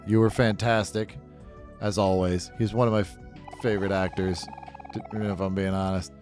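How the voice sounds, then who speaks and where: A man's voice: sits low, little pitch movement, normal speed, a little mellow, soft background music. A man casually commentating his own game playthrough, rambling and swearing freely as he gives blunt opinions. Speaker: gaming video host. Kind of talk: casual let's-play commentary.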